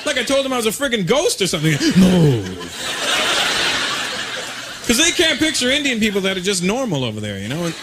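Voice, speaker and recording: A male stand-up comedian from Canada tells stories on stage in a casual, animated way. His voice sits high and swings widely. Loud audience noise fills the live recording. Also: very fast, few pauses.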